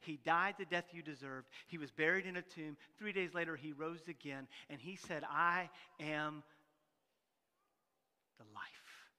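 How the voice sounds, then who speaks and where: A middle-aged male pastor preaching a sermon, animated, acting out voices and swinging from loud bursts to hushed, soft lines. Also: a little high, brisk, hardly any pauses, in a large hall. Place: church sanctuary.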